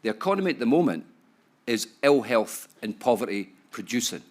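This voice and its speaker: A Scottish man speaking at a conference, chatty and playful, forever checking in with the room with a "right?" or "yeah?". His voice sits at an ordinary middle pitch for a man, and he keeps his talk relaxed and easygoing. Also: a little fast. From Scotland. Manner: chatty and joking, full of tag questions. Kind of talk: conference talk to a live audience. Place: conference hall.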